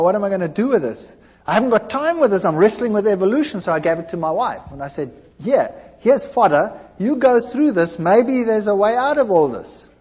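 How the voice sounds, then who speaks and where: A man giving a personal testimony, telling his story in an animated way and acting out the dialogue. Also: sits high. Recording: dull lo-fi recording in a large reverberant hall.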